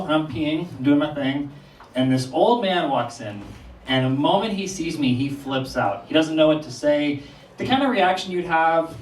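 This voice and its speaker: A young man performing a stand-up comedy set on a small theater stage, telling animated stories and firing off incredulous questions. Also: a little high, slight background noise. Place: small theater stage before a live audience. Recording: distant roomy mic with crowd laughter.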